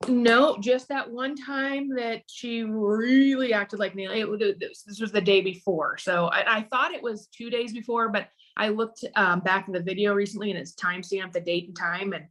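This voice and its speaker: Guest mother, woman, halting and emotional, lots of restarts. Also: medium pitch, steady tone, fairly bright tone. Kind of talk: emotional personal storytelling.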